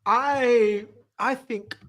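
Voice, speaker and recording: High-pitched panelist, halting, keeps restarting. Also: male voice, fairly even intonation, fairly bright tone. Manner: hesitant, restarts sentences. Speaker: regular panelist. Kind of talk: casual football chat.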